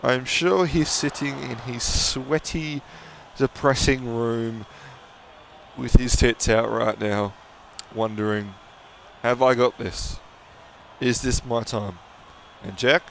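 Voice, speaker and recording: A man's voice: medium pitch, creaky, a bit bright, slight background noise. A young man commentating a sim racing stream, chatting casually and joking with viewers and drivers. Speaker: race commentator.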